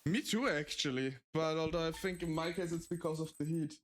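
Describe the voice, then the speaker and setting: A man's voice: a little high, fairly even intonation, fairly quick, soft background music. A man hosting a game stream, chatting casually and laughing often. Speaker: streamer host. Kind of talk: casual gameplay chat.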